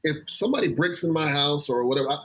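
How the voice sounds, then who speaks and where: A man's voice: a little high, expressive, fast, fairly bright tone, husky, rough recording. A man, a children's pastor, speaking as an interview guest with impassioned, earnest conviction and repeating words as he builds his points. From South Florida.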